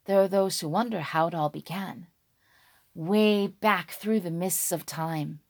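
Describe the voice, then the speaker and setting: A woman telling a dragon folk tale slowly and dramatically, dropping to a hush and rising on key words. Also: fairly low pitch. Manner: slow, hushed and dramatic, with sudden loud words. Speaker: storyteller.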